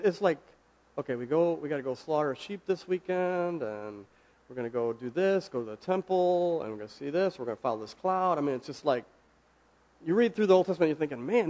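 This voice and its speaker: Male preacher, slightly high voice, casual sermon, talks with the room and asks questions, slows on key words. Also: a little mellow. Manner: conversational, asks the audience questions, slows for emphasis.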